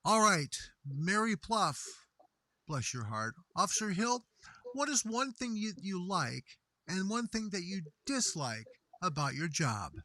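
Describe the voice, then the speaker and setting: A middle-aged male host chats on a livestream, his fairly high voice bright and bouncing through a wide melodic range. He is folksy and effusive, full of homespun pleasantries, and the sound is close and dry. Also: big pitch swings, unhurried, no room sound. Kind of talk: casual livestream chat, reading viewer comments.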